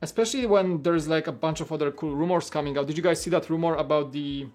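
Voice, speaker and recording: Speaking fast in a high-sided, slightly mellow voice, a man hosts a casual livestream chat. His talk rambles, peppered with "like" and frequent restarts.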